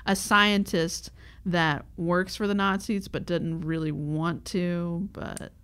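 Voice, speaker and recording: A woman co-hosting a casual book podcast who reacts quickly and talks in an animated way. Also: on the low side, clear, resonant tone. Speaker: podcast co-host.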